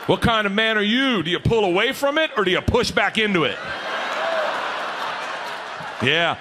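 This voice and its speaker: A middle-aged man doing stand-up comedy, telling loud, animated stories on a live stage as the audience laughs. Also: high-pitched, normal speed. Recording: live venue with loud crowd noise.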